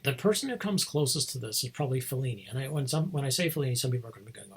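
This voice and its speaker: A man's voice: mid-range voice, lively intonation, very fast, few pauses, slightly rough. A man hosting a podcast, talking casually and rambling through a film's story with many digressions. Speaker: podcast host. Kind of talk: casual film review.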